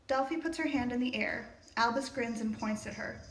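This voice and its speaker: A woman's voice: on the high side, moderate pace, hardly any pauses, a little hiss or hum. Chatty woman reading with rambling asides. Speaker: reader and commentator. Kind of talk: casual play reading with commentary. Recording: roomy echo.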